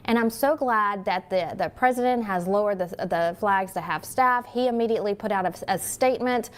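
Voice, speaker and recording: A woman's voice: medium pitch, normal speed, few pauses. Emphatic, emotional woman news co-host. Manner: emphatic, repeats phrases, emotional. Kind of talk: conversational news commentary.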